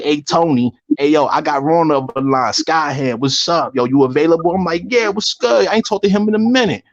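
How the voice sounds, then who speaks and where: A man's voice: fairly high pitch, no room sound, highs cut off. A man on a heated live-stream call, ranting, repeating himself and swearing constantly. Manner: profane, heated, repetitive ranting. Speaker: guest on a live online panel.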